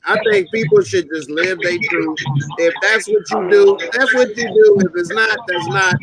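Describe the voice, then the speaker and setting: Opinionated dude, high voice, people chatting in background. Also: male voice, big pitch swings, moderate pace, creaky, crowd noise, low-quality recording. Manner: opinionated, speaks in maxims. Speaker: roundtable panelist. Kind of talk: casual chat.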